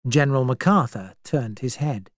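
A man reading a story aloud in a clear, measured way. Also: mid-range voice, no echo, clean studio sound. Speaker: narrator. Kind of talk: scripted storybook narration.

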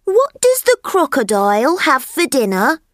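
A woman's voice: huge pitch swings, fairly bright tone, no room sound, clean studio sound, heavily acted. A woman doing an eager young elephant boy. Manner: eager, questioning, high and quick. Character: curious young male elephant calf.

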